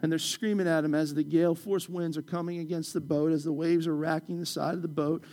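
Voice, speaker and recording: A man pastor preaching a passionate sermon in a church, swinging from loud urgent calls to quiet prayer. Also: fairly high pitch, steady tone, a little fast. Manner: impassioned preaching, rising loud then dropping soft.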